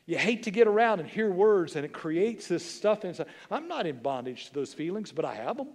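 A pastor in his sixties delivers an emphatic sermon. His voice sits a little high for a man and he leans on repetition and questions to the room. The sound carries a long reverb from the church hall. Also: sing-song, fairly quick, darkish tone. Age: 60s. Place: church sanctuary.

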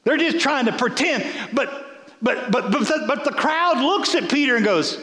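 A man's voice: very high-pitched, expressive, moderate pace, pushed and bright, reverberant. A man, a bishop, preaching a folksy sermon, repeating words as he builds.

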